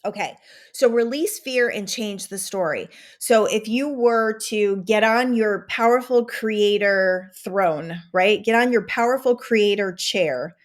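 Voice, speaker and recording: Woman, podcast host, motivational chat, animated, enthusiastic, slight Southern twang, mid pitch. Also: unhurried. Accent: drifting into a Southern American twang. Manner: animated, enthusiastic, conversational with many fillers. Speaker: podcast host and manifestation coach. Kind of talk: casual motivational talk.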